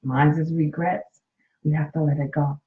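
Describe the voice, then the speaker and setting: A woman's voice: sits low, little pitch movement, normal speed, roomy sound, narrow, tinny audio, a little hiss or hum. A woman in her late fifties, a coach and nurse, talks candidly and emotionally to viewers during a casual live stream from her phone. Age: 50s.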